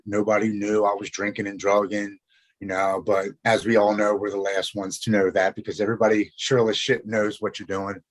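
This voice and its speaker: Podcast guest, man in his forties, low voice, dry close sound, earnest and halting with many restarts. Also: no echo. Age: 40s. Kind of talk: personal recovery story in conversation. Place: Maryland.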